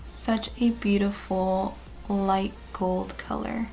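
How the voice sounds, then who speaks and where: Upbeat woman beauty vlogger with a creaky, fry-edged voice, chatting viewers through a tutorial. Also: mid-range voice, level tone, slow pace, mellow, soft background music. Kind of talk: casual makeup tutorial narration.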